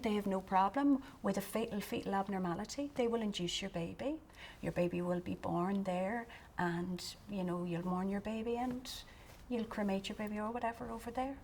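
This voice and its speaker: A young Irish woman in a documentary interview, recounting events in a lively way and quoting what others said. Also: medium pitch. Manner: animated storytelling, quoting others.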